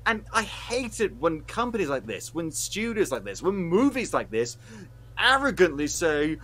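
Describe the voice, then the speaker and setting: A man's voice: high-pitched, sing-song, moderate pace, a bit bright. A man co-hosting a film review podcast, ranting with heated, sweary sarcasm. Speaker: podcast co-host reviewing films. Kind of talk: casual podcast rant.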